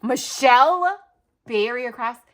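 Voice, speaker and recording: A woman craft vlogger with a fairly high voice that leaps around all over the place. She gushes and exclaims, talking straight to her viewers in an excited unboxing chat. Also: takes it slowly. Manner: gushing, exclamatory, addresses viewers as "you guys".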